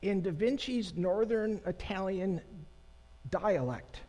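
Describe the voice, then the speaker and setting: A pastor giving a sermon to his congregation in a conversational, unhurried way, pausing and making asides to the people in the pews. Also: high-pitched, warm tone. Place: church sanctuary. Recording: long church reverb.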